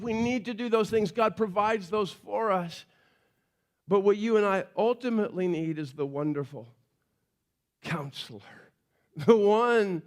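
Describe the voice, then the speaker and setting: A male pastor preaching a sermon in a conversational storytelling way, often dropping to a quiet, earnest tone for emphasis. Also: high voice.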